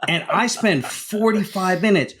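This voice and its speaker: A man's voice: high-pitched, unhurried, fairly bright tone. A man co-hosting a podcast, telling loose, self-mocking stories in casual chat. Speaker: podcast co-host.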